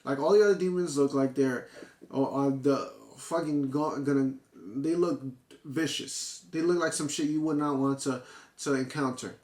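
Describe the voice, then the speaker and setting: A man's voice: medium pitch, moderate pace, echoey room. A man reviewing a manga chapter in casual, profane talk, often restarting and getting worked up. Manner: excitable, profane, full of restarts and fillers.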